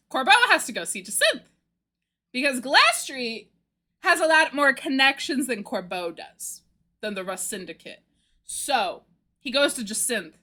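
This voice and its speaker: A young woman streamer recapping a story in casual chat, gushing and laughing as she goes. Her voice sits high and bright, with big lively swings in pitch. She takes an unhurried pace. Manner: excitable, gushing, laughs and squeals often.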